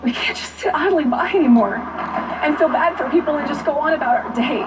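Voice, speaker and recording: High-pitched tearful pleading woman. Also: a little fast, noisy background. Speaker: news interview guest. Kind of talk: emotional televised interview. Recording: distant television broadcast audio.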